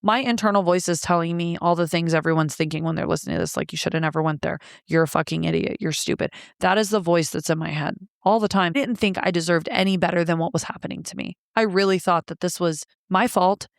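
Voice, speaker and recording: A woman's voice: lowish voice, quick pace, few pauses, no echo, studio quality. A woman, an interview guest, bluntly retelling a painful personal story with frequent profanity.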